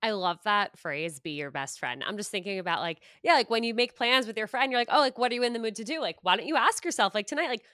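A woman's voice: on the high side, no room sound, studio quality. A woman hosting a podcast, chatting casually and enthusiastically with her guest. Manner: enthusiastic, quick bursts of excitement. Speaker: podcast host. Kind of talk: casual conversational interview.

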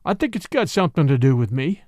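A man voicing a tall, gentlemanly male bushman who speaks coolly and articulately. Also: fairly high pitch, very animated, fast talker, no echo, studio quality. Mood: firm.

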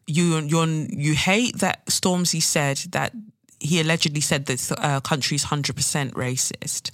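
A woman's voice: low voice, fairly even intonation, measured pace, fairly bright tone, dry recording. A woman ranting in commentary, angry and blunt, swearing freely. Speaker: vlogger.

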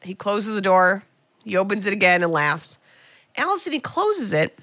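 With a medium-pitched, sing-song, slightly bright voice at a moderate pace, a female podcast co-host casually recaps a movie. She voices the characters and adds sarcastic asides, with no room sound in the recording.

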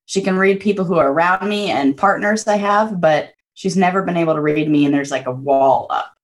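A woman's voice: lowish voice, a little fast. A young adult woman chatting as a guest, bubbly and effusive, with lots of fillers. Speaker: podcast guest. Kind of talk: casual chat.

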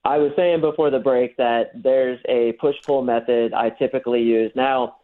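A man's voice: mid-range voice, steady tone, normal speed. A man, a dating coach, explaining his methods in a radio interview, acting out the lines he uses. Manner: explains techniques, acts out quoted lines. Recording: thin phone-line sound.

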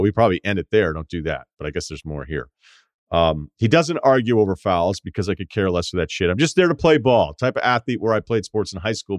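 A man hosts a casual studio podcast, his low voice swinging up and down with lively intonation as he reads a listener's email. He breaks in with wry, profane asides and tangents, close to a dry, deadened mic. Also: dry recording. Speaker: podcast host.

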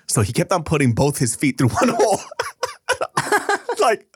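A man's voice: mid-range voice, brisk, long pauses, slightly rough, no echo, clean studio sound. A man co-hosting a podcast in casual chat, telling stories with lots of swearing and laughter. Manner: animated storyteller, swears a lot, laughs through his stories. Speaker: podcast co-host.

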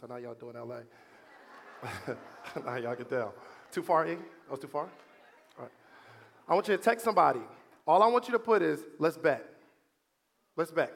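Playful high-voiced seminar host. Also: male voice, fairly bright tone. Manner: playful, commanding, teases the audience. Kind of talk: hosting a live seminar.

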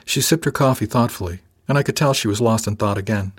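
Calm, husky male narrator. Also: fairly low pitch, fast. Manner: calm, dry wit. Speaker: audiobook narrator. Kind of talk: first-person scripted narration.

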